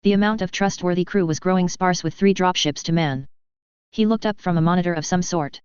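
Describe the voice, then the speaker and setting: A narrator giving an even, wry first-person reading of a story. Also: mid-range voice, a little fast, clean tone, no echo, lo-fi sound.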